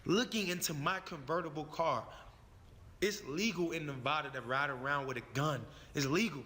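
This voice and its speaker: A man's voice: on the high side, moderate pace, in a large hall, a loud crowd. A man telling a personal story in a profane, emphatic way, repeating his phrases for effect. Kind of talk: animated storytelling.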